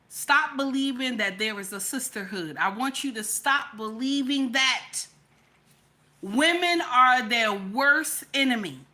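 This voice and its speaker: A woman's voice: sits high, sharp tone. A woman telling a personal story as relationship advice, emphatic and constantly checking in with her listeners. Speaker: vlogger giving relationship advice.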